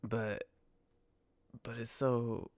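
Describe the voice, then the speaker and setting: A man's voice: medium pitch, flat delivery, drawn-out words, darkish tone, no room sound. A young man, a rideshare driver, telling a rambling, profane story and laughing through it. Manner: rambling and profane with many restarts; amused, laughs while talking. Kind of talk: casual storytelling.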